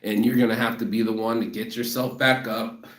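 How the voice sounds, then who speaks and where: Walking to a train station, as he tells viewers, a male vlogger rants emphatically and with profanity about rejection, repeating himself. His mid-range voice is flat, a little fast, and fairly bright, recorded from a distance with echo.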